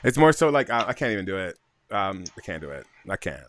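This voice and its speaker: A man co-hosting a casual podcast chat over a video call, sassy, excitable and swearing freely. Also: lowish voice, fast. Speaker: podcast co-host. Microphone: computer microphone on a video call.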